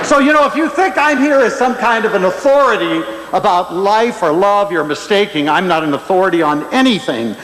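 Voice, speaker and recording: A man giving a humorous public lecture, telling stories in an animated, playful way. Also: high voice, fairly quick, few pauses. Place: large lecture hall before an audience. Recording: echoey lecture hall.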